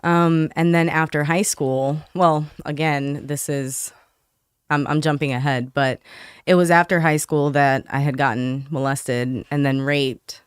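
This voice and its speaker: Guest woman, soft-spoken and hesitant, smooth clear voice, dry close mic. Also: sits low, steady tone, dry recording. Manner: soft-spoken, quick to laugh, hesitant with many ums. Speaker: podcast guest. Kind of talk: casual interview, personal testimony.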